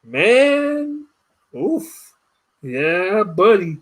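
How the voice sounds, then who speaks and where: A man's voice: high voice, drawn-out words. A young adult man hosting a casual podcast chat, telling stories and mimicking voices. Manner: storytelling, animated mimicking voices. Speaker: podcast host.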